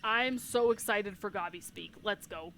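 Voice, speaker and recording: A woman streaming a video game, chatting casually with excitable bursts of exclamation. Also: medium pitch, measured pace, slight background noise, low-quality recording. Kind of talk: casual live-stream commentary.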